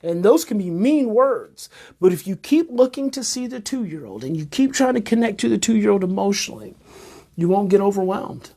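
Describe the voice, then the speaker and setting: A man's voice: high-pitched, big pitch swings, moderate pace, gravelly, dark tone. A man who teaches parenting, giving an emphatic live-streamed talk and repeating his key phrases and rhetorical questions. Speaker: parenting educator.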